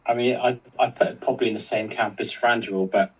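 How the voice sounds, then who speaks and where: A man's voice: medium pitch, steady tone, brisk, fairly bright tone, husky, distant mic, rough recording. A man co-hosting a stream, reading out viewer comments in casual chat, hesitant and full of fillers.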